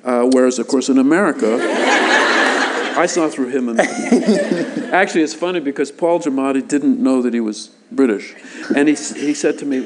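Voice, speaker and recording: A man from Canada answering interview questions in a relaxed, thoughtful way, often stopping and restarting his sentences. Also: mid-range voice, fairly quick, very noisy. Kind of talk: casual interview chat.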